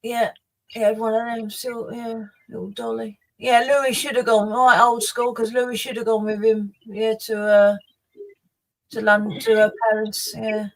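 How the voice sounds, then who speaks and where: A woman's voice: on the high side, flat delivery, unhurried, low-quality recording. A woman chatting casually and reminiscing, easily amused. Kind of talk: casual chat.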